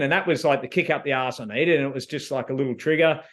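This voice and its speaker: A man's voice: medium pitch, fast, fairly bright tone. An Australian man answering interview questions as a reality show contestant, telling his story in a laid-back, slangy way with lots of fillers.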